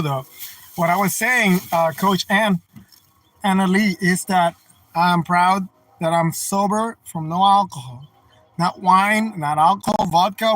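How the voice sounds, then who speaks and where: A man with a fairly high-pitched voice, talking casually to his livestream viewers from a car. He rambles and repeats himself in an earnest, folksy, slangy way. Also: fairly bright tone, low-quality recording. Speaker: live streamer. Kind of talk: casual livestream chat, reading out viewer comments. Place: in a car while driving.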